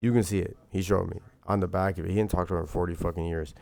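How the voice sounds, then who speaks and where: A man's voice: sits low, fairly even intonation, very fast, vocal fry, darkish tone. A man streaming live, talking in a rambling, profane and heated way, with "bro" and "like" at every turn. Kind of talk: livestream monologue.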